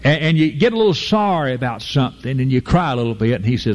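A man preaching a fervent, folksy sermon, leaping to high emphatic peaks and slowing down to draw out key phrases. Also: lo-fi sound. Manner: fervent, with sudden jumps to a high emphatic pitch and drawn-out slow phrases; folksy, informal grammar, addresses listeners as folk.

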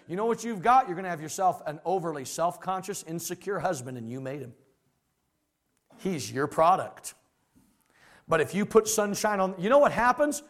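An animated male pastor preaches in a high, lively voice that climbs and dips a lot. He is folksy and plain-spoken and keeps slipping into voices to act out the people he describes. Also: moderate pace. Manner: animated, acts out quoted voices. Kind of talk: sermon.

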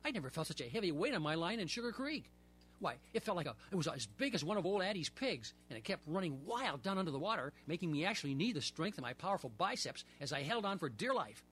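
Husky man reading a lively children's story. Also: on the high side, fast talker.

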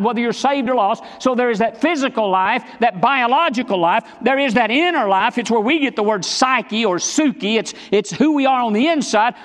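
High-voiced preacher in an echoing church. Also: male voice, a bit bright. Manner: emphatic, repetitive preaching, swinging between low and high. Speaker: pastor. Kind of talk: sermon. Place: church sanctuary. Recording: long church reverb.

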